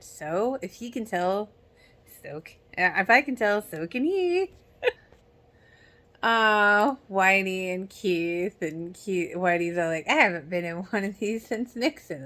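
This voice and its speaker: A woman giving casual rewatch reaction commentary, chatty and giggly, quickly mimicking characters' lines. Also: mid-range voice, fairly bright tone. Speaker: show reaction host.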